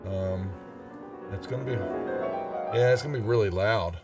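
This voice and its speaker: A man runs a live tabletop game as dungeon master, speaking at normal speed in a fairly low voice. He's relaxed and rambling, full of fillers and restarts, picked up by a distant mic with music behind him.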